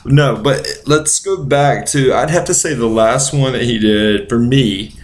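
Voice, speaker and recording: A man's voice: medium pitch, measured pace. Rambling, profane, drunk man in an echoey room. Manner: rambling, profane, goes off on tangents. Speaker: podcast host. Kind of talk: casual movie chat. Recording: roomy echo.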